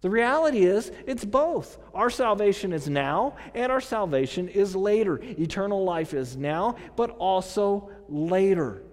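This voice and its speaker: High-voiced man preaching in a hall. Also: big pitch swings, a little slow, hardly any pauses. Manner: conversational, repeats phrases, many fillers. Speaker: pastor. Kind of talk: sermon.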